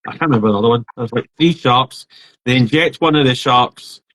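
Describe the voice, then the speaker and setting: A man's voice: mid-range voice, brisk, dry recording, low-quality recording. A man co-hosting a podcast, chatting casually and rambling through his stories. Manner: rambling, animated storyteller. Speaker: podcast co-host. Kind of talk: casual chat.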